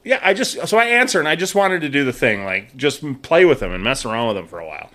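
A man in his thirties, a podcast co-host, telling a story in casual chat, animated and swearing freely while acting out the other voices. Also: medium pitch, quick pace.

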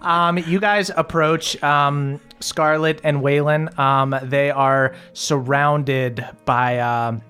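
A man narrating a tabletop game as game master, relaxed and full of fillers. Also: fairly high pitch, slow pace, hardly any pauses.

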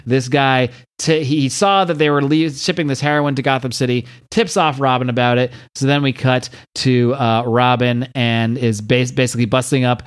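Halting man recapping a comic. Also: medium pitch, fairly even intonation, smooth. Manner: halting, filler-heavy plot retelling. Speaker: podcast host. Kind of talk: casual comic-book recap.

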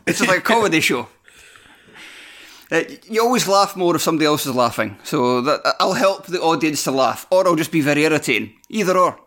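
A man's voice: a little high, lively intonation, a little fast, a bit bright. A man hosting a casual podcast, joking at his own expense, swearing and laughing often. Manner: self-deprecating, swears freely, laughs often. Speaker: stand-in podcast host.

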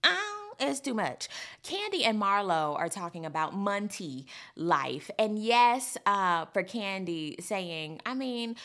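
A woman's voice: medium pitch, big pitch swings, slow, pushed and bright. A young woman recapping a reality show in a casual, blunt, opinionated way, swearing freely.

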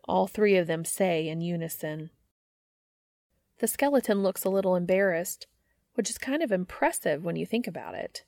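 Low, gravelly woman narrator with wry comic timing, dry close recording. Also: lively intonation, normal speed, a little mellow, dry recording. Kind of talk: fan fiction reading.

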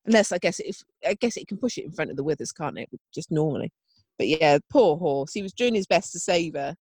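Chatty woman, lively pitch. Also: husky, no echo. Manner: chatty, swearing, quick to laugh. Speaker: podcast co-host. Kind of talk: casual chat.

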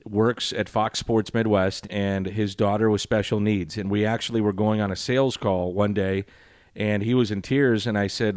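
A man's voice: lowish voice, steady tone, normal speed, a little mellow, dry recording. A middle-aged man, a sports broadcaster answering interview questions in a dry, sarcastic, rambling way.

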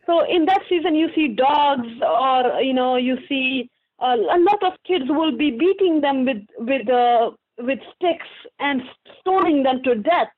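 A woman's voice: high voice, a little slow. A young woman answering interview questions earnestly and from the heart, often restarting her sentences. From Pakistan. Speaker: guest author. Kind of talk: interview answers over a remote line. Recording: tinny phone-like line.

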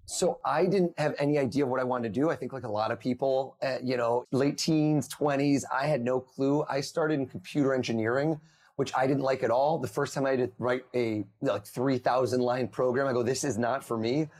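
A man in his thirties, a mentalist guest on a podcast, telling lively stories and acting out the people in them. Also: medium pitch, a little fast. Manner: animated storyteller, acts out quoted voices. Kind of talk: podcast interview over video call.

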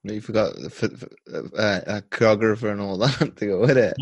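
Low-voiced male podcast host. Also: moderate pace, gravelly, slightly rough, dry recording. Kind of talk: interview questions.

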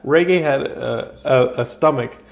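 A man reminiscing casually on a podcast, an animated storyteller. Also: mid-range voice, unhurried, creaky. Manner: animated storyteller, breaks into laughter.

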